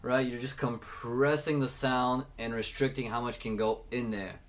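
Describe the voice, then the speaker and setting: A man teaching singing, talking through techniques and breaking into loud sung demonstrations. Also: mid-range voice, steady tone, moderate pace, faint music behind. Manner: explains then belts sung examples. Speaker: vocal coach.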